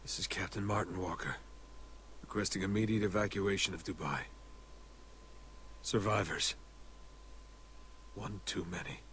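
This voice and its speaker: A grim, stubborn army captain in a video game, clipped and curt. His voice sits low, and faint noise runs under the game audio. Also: steady tone, a little slow, long pauses, a bit bright. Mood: weary.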